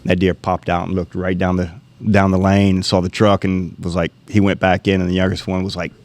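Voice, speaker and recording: A man's voice: low voice, fairly quick, dry recording. A middle-aged man, casually telling a hunting story and acting out the dialogue. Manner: animated storyteller, acts out quoted dialogue.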